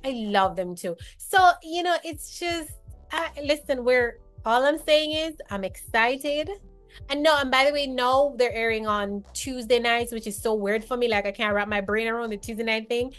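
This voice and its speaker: A woman with a high, bright-sounding voice chats casually as a co-host. She talks in an animated, emphatic way and hops from one thought to the next. Faint music plays underneath. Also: moderate pace. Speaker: co-host of reality TV chat. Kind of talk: casual chat.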